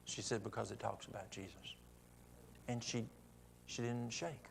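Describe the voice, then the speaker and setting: A man's voice: mid-range voice, fairly even intonation, normal speed, creaky, a little hiss or hum. A man telling a folksy testimony story from the pulpit, acting out both sides of a conversation. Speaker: church speaker. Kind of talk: sermon storytelling.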